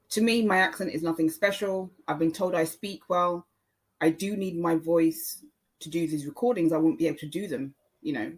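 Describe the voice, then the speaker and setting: A woman's voice: deep voice, husky. A woman with an accent between posh English and Multicultural London English, hosting a casual podcast in a chatty way full of fillers. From England, born in Jamaica. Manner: chatty, many fillers and asides. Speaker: podcast host.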